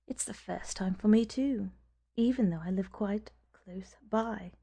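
A reserved, courteous middle-aged gentleman, as a woman reads him. He speaks softly in a mellow, gravelly voice. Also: medium pitch, measured pace.

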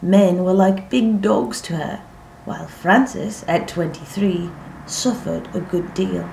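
A woman narrating a literary story in a measured, vivid descriptive reading. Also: fairly low pitch, vocal fry, background noise. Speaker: audiobook narrator. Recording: roomy echo, faint ambience.

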